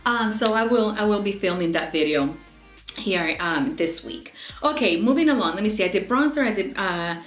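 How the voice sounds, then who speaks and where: A woman's voice: mid-range voice, lively intonation, normal speed. Gushing woman beauty vlogger in an echoey room. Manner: gushing, repeats words and restarts phrases. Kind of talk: casual product review. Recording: echoey room, faint background music.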